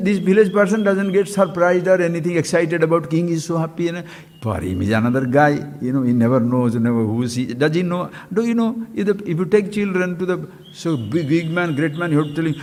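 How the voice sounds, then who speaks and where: A swami gives a spiritual discourse in a high, sweeping voice. He tells his stories with animation, asks rhetorical questions and jabs bluntly at his listeners. The recording carries a long reverb from a hall. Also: animated, brisk, darkish tone. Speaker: swami giving a spiritual talk. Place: retreat camp hall.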